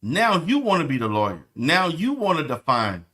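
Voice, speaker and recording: A man's voice: on the high side, huge pitch swings, normal speed, bright, forceful tone. A man reacting to clips with exasperated, mocking commentary, laughing between lines and cursing.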